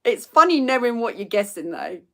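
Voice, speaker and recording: A woman in her thirties hosts a relaxed live quiz, chatting with viewers and reading out their comments. Her voice sits a little high and swings lively up and down. She laughs easily between answers. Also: a little fast, creaky. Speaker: livestream host. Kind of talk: casual live chat quiz.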